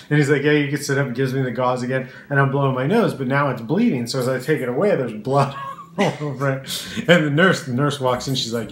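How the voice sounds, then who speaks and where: A man vlogging casually, telling an animated story and laughing often as he talks. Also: medium pitch. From California. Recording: echoey room with faint background noise.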